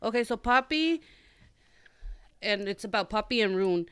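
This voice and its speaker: A young adult woman hosting a podcast, telling a story in a loose, animated ramble with lots of fillers. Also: medium pitch, normal speed, clear, resonant tone, no echo, studio quality. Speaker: podcast host. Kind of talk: casual chat.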